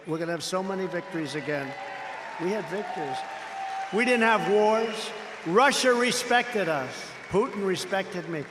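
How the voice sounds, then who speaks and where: An older man giving a rally speech, repetitive and boastful, acting out conversations with others. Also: a little high. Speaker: politician at a rally. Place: large rally venue. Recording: long hall reverb.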